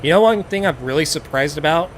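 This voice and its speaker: A man hosting a live game stream, talking casually in a relaxed, rambling way with lots of filler words. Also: fairly high pitch, fast, slight background noise. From United States. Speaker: livestream gaming host. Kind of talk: casual live-stream chat while playing.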